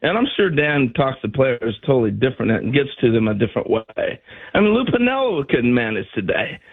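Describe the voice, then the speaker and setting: An older man and former ballplayer telling animated stories on a sports radio show, acting out what others said. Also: medium pitch, a little fast, breathy edge, phone-quality sound. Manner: animated storyteller acting out quotes. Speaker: former player turned radio analyst.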